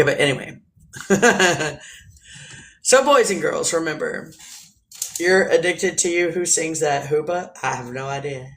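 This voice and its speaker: A woman hosting a casual live stream, joking crudely, greeting viewers and talking in a playful, drawn-out way. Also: deep voice, a bit bright. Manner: bawdy, joking, often laughing. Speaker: livestream host.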